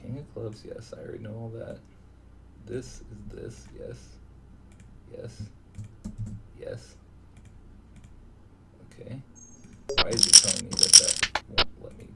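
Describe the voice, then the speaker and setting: Male poker streamer, low gravelly voice, muttering live commentary; distant mic, noisy room. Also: slow, long pauses. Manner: mutters to himself, thinking aloud. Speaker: online poker player. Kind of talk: live commentary on his own poker session. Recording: distant mic with steady background noise.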